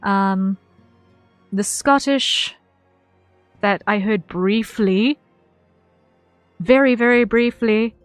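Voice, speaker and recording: A woman's voice: mid-range voice, steady tone, slow, pauses often, no echo. A woman streamer in casual chat with her viewers, rambling and repeating herself with lots of ums. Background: faint background music.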